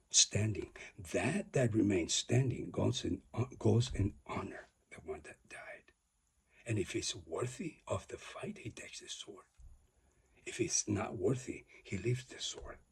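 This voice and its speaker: A man delivers a preachy motivational monologue, his low voice husky and breathy. He swings from loud, insistent declarations into near-whispers, and his pitch leaps around as he repeats his exhortations. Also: expressive, slow pace. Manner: repetitive, exhorting. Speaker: motivational speaker.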